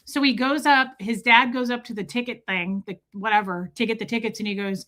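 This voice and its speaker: A woman's voice: fairly high pitch, brisk. A woman hosting a casual livestream, reading viewer comments and telling stories with frequent laughter. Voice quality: chatty, laughs often, animated storytelling. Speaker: livestream host.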